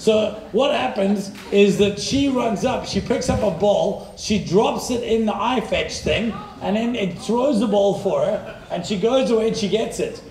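An irreverent man speaks from a stage in a roomy, echoing hall. His voice sits high for a man and turns gravelly at the ends of phrases. He talks in a punchy way and keeps checking in with "right?". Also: measured pace, hardly any pauses, a little mellow. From South Africa. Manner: irreverent, punchy, swears casually, asks "right?" often. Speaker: keynote speaker. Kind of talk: energetic conference talk. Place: large hall with live audience.

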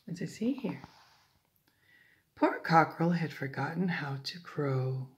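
An older woman, a grandmother, reading a picture book aloud to a small child, gentle, with whispered asides. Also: low-pitched, expressive, unhurried.

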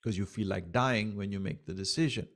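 A man teaching astrology in a lively lecture, acting out quoted voices and repeating his points. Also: fairly low pitch, brisk.

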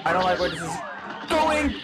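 A man playing a demon hedgehog doing let's-play commentary, panicky and yelping, over loud game music. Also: a little high, sing-song, takes it slowly, rough recording. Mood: frantic. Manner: panicky, yelps and repeats himself. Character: psychotic demon hedgehog, male, gaming. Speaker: gamer.

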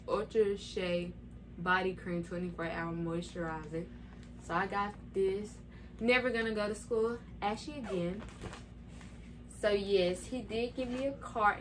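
A woman's voice: medium pitch, fairly even intonation, unhurried, a little hiss or hum. Chatty young woman vlogger. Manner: chatty, retells moments with "I'm like" quotes. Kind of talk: casual storytelling vlog.

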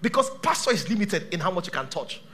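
A male pastor preaching a sermon to a live church congregation, dramatic, swinging from shouts to hushed tones. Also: high voice, very animated, fast talker, slight background noise.

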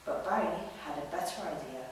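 A woman reads a children's story aloud, lively and expressive, her voice on the low side for a woman. The sound is very echoey and picked up from a distance, with faint background noise. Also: fairly quick. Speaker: storybook reader. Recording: echoey room, distant mic.

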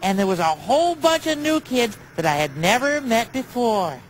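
A man voicing a big, gentle, childlike bird on children's TV, talking earnestly and sing-song to the viewer. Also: very high-pitched, sing-song, normal speed, a little hiss or hum, rough recording. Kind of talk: children's TV chat to camera.

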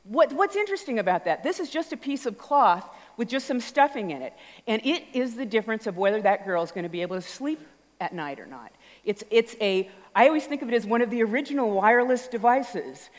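A woman giving an animated storytelling talk on stage, acting out little voices and sounds as she goes. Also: on the high side, fairly quick. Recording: long hall reverb.

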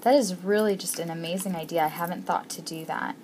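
A woman's voice: fairly low pitch, quick pace, hardly any pauses. A woman vlogger unboxing a crafting package, gushing with gasps and exclamations. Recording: noisy home recording.

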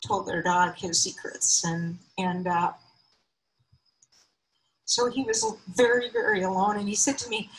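A woman in her fifties telling a personal story on stage, emotional and heartfelt, her voice often jumping high. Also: huge pitch swings, a little slow, gravelly, pauses often, slight background noise, rough recording. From United States. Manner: emotional, heartfelt, with sudden high pitch lifts.

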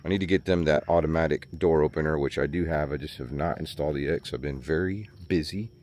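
A man vlogging outdoors on a small farm, chatty and worried, thinking out loud as he walks around. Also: rumbling low, quick pace. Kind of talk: casual vlog commentary.

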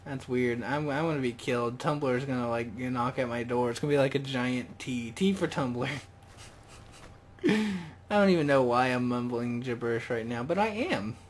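A young man casually commentating a video game, rambling and joking, excited. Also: mid-range voice, normal speed. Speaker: gaming video host. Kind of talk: casual let's-play commentary.

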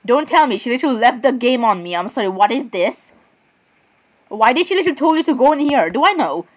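A young woman chatting excitedly as she comments on her own gameplay, often saying sorry and literally. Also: a little high, quick pace, poor audio. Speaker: gamer.

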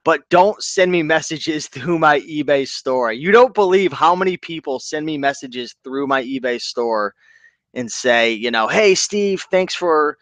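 A man hosting a casual livestream about online reselling, upbeat and chatty, giving shout-outs to viewers. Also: mid-range voice, a little slow, dry recording.

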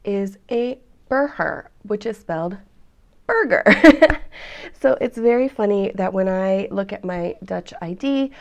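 A woman's voice: mid-range voice, unhurried, gravelly, hardly any pauses, dark tone, lo-fi sound. Chatty, giggly woman vlogger. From United States. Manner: chatty, giggly, talks directly to viewers. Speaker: vlog host. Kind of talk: casual chat to camera.

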